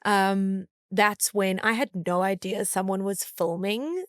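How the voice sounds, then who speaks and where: A South African woman, a guest in a casual chat, telling a story in a lively way and acting out the dialogue. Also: slow pace, no room sound, clean studio sound. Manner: lively, acts out dialogue with big pitch jumps. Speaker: guest, agency founder.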